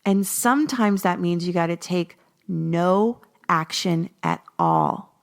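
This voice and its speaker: A woman's voice: lowish voice, sing-song, slow pace. A woman in her forties hosting a podcast, chatting casually and animatedly as she tells a personal story and acts out her own past words. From Los Angeles. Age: 40s. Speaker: podcast host.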